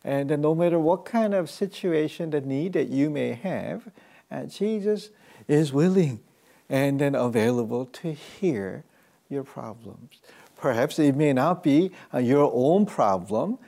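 Gravelly, dark-voiced male pastor preaching. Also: on the high side, lively intonation. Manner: halting, with frequent fillers and restarts. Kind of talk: sermon.

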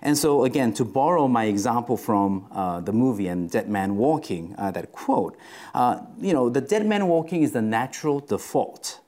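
A male preacher delivering a sermon in a relaxed, conversational way. His pitch rises and falls with plenty of animation. He leans on fillers and keeps checking in with the congregation. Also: normal speed. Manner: conversational, with frequent fillers and "right?" check-ins.

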